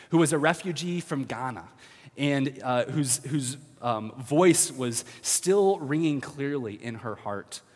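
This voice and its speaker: A pastor with a mid-range voice delivers a casual sermon, chatty and upbeat, full of fillers and restarts, then drops to a hush when he prays. The recording carries a long hall reverb.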